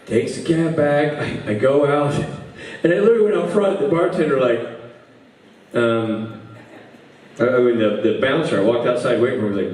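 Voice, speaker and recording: A man telling a funny story to a live audience in a casual, animated way, jumping into other people's voices. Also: fairly quick. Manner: animated, acts out a friend's drunk voice with big pitch jumps. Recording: roomy echo from far off the mic.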